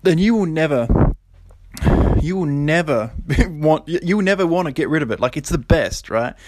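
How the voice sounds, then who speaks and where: A young man hosting a solo podcast, talking casually and then getting preachy and animated, with lots of fillers and quick laughs. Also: fairly high pitch, very noisy. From Australia. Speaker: podcast host.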